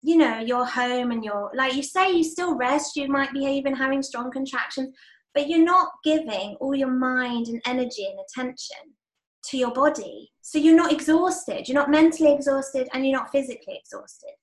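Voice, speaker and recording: A woman co-host speaking enthusiastically in casual conversation, quick to affirm the other speaker. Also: high-pitched. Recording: echoey room.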